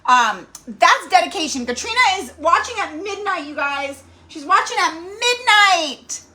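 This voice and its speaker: A middle-aged woman hosting a casual craft livestream, bubbly and excitable, greeting viewers by name with frequent squeals and laughs. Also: very high voice, measured pace. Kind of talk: casual live-stream chat greeting viewers.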